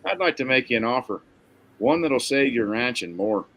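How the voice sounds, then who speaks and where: A man reading a story, voicing a soft-spoken, quietly dangerous Irish man with a genial, coaxing manner. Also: medium pitch, lively intonation, normal speed. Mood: smooth.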